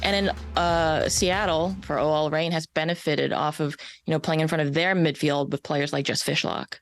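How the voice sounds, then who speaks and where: A woman's voice: low voice, steady tone, moderate pace, faint music behind. A woman soccer analyst giving confident, analytical takes with some joking. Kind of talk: studio sports talk.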